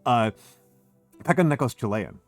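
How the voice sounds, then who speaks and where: A man's voice: mid-range voice, very animated, normal speed, faint music behind. A man with a General American accent, hosting a casual stream chat and explaining a bit of history in a talkative way with frequent restarts. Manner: chatty, restarts often, lectures on history. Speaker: streamer host.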